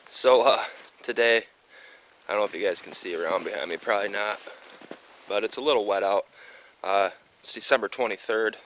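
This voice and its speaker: Easygoing man with a low voice outdoors. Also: fairly bright tone, slight background noise. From Michigan. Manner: easygoing, chatty, many fillers. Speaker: fishing show host. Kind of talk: casual outdoor vlog chat. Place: outdoors, on a rural lake.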